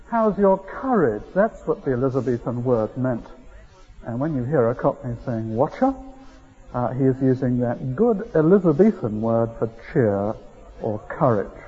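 A man's voice: a little high, slightly rough. A middle-aged man preaching a sermon in a conversational, storytelling manner with rising emphasis. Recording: dull lo-fi recording.

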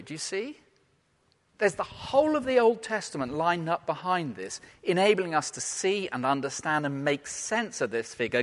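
Man, preacher, somewhat high voice, animated sermon delivery, long church reverb. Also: moderate pace. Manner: animated, emphatic, shifts between loud and hushed.

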